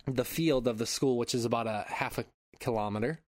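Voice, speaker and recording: A man's voice: mid-range voice, a little fast, no room sound, studio quality. Laid-back thirties man telling stories. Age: 30s. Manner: rambling storyteller, swears, laughs often. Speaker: podcast co-host. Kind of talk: casual chat.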